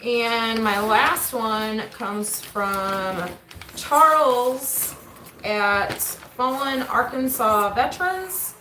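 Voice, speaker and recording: Chatty mom hosting a roomy home livestream. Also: female voice, on the high side, extremely slow, bright, forceful tone, slight background noise. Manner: chatty, keeps breaking off to talk to her kids. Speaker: homestead channel host and mother. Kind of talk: casual livestream mail call. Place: at home, seated at a table. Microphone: camera on the table.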